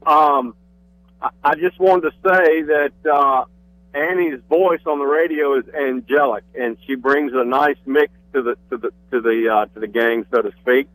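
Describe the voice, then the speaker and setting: A man calling in to a radio show, talking in a halting, friendly way with many pauses. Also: mid-range voice, fairly bright tone, no room sound, rough recording. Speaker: caller. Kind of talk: phone-in call. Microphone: phone.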